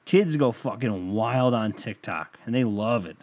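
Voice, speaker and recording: A man's voice: mid-range voice, lively intonation, measured pace, a little mellow. Rambling, profane young man. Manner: rambling, profane, self-mocking. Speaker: podcast host. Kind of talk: casual podcast monologue.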